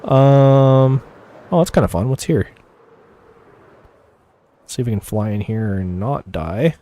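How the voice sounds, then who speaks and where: A man's voice: mid-range voice, unhurried, mellow. Rambling man chatting while gaming. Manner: rambling, many fillers, chuckles often; chats with viewers while playing. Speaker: live streamer. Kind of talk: casual gameplay commentary.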